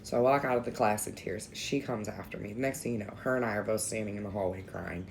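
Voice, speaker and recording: A woman's voice: rumbling low, fast, vocal fry, darkish tone, slight background noise. A young adult woman telling a story in a casual vlog, candid and emotional, venting with some swearing. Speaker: vlogger.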